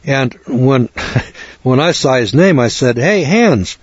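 A man's voice: medium pitch, slow pace, dry recording, highs cut off. An older man from the western United States talking in a folksy, rambling way about names and scripture, often spelling words out letter by letter. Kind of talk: casual religious talk, answering a question.

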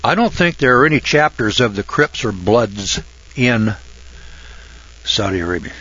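A man's voice: medium pitch, lively intonation, a little slow, sharp tone. An older man telling a long rambling story in a folksy, drawling way, full of fillers and restarts, then moving into Bible commentary. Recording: dull lo-fi recording.

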